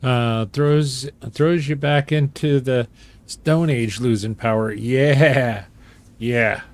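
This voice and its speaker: Male game streamer, unhurried delivery, chatty and joking with his chat. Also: medium pitch. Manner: chatty and joking, chuckles often. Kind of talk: casual gameplay commentary while reading chat.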